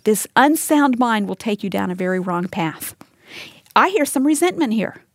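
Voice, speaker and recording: Woman Bible teacher, fairly high voice, dry close sound, earnest and conversational with her listeners. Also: lively intonation, moderate pace, dry recording. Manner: earnest, talks straight to listeners with rhetorical questions. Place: live teaching session with women listening.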